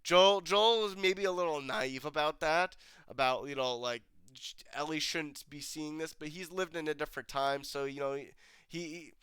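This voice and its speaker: A man's voice: a little high, normal speed, fairly bright tone, clear, resonant tone, dry recording. A man casually reviewing a TV episode, rambling with fillers and restarts, a bit stuffy-nosed from a cold. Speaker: TV review host. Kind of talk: casual commentary.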